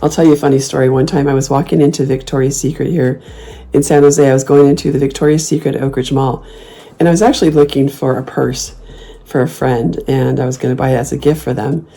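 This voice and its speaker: A host in her fifties talks casually to camera, blunt, sassy and snarky, swearing freely and putting on playful mocking voices when she quotes her own comebacks. Her voice is bass-deep, quick and fairly even in intonation, dark in tone and slightly rough.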